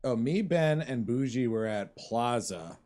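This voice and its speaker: A man co-hosting a slots stream, chatting casually and shouting when excited. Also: medium pitch, unhurried, soft background music. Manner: excitable, shouts at big moments.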